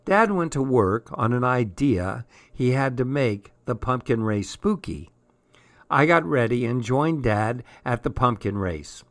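A man reading a spooky children's story in a slow, measured, steady way. His voice sits at an everyday pitch, and the sound is close and dry, with no room behind it. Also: dry recording. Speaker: story reader.

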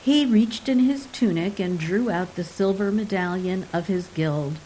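A woman reading a fantasy story aloud in an even, measured storytelling manner. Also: mid-range voice, slight background noise, rough recording. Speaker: narrator. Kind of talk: scripted audiobook narration.

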